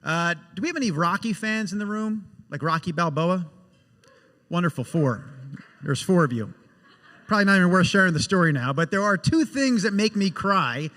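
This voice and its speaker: A man's voice: sits high, lively intonation, normal speed, a bit bright. A man hosting a live fundraising lunch, chatting and joking with the audience. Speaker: event emcee. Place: large banquet hall. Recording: reverberant hall PA.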